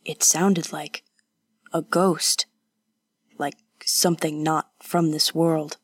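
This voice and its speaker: A woman doing a calm young ronin man. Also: low voice, slow pace, breathy edge, dry recording, voice pushed down, heavily acted. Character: young Japanese man, a steady, practical traveler.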